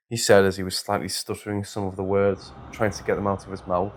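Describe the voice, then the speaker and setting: Man, low voice, scripted horror narration, measured. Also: flat delivery.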